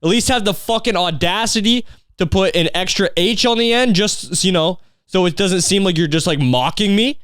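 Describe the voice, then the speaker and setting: A man's voice: high-pitched, animated, normal speed, fairly bright tone, clear, resonant tone, no echo, studio quality. A young man hosting a podcast, rambling in a casual, profane comedic rant full of fillers and restarts. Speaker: podcast host.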